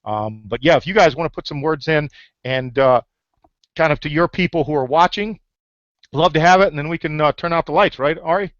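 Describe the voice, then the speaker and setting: Male host on a video call, pushy motivator, slightly high voice, dull dry audio. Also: brisk, a bit bright, dry recording. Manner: pushy, rallying, many fillers. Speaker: host of an online leaders' hangout. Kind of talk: upbeat pitch-style group call.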